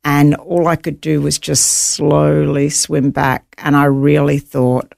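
A woman's voice: low voice, little pitch movement, slow, creaky, darkish tone, no room sound, studio quality. A woman guest in an interview, earnestly telling a personal story and voicing her own thoughts aloud.

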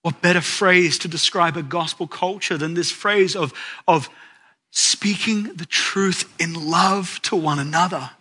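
Male pastor preaching, bright ringing voice that swings from shouts to hushes. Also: sits high, measured pace, slightly rough. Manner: storytelling with dramatic rises and drops. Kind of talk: sermon.

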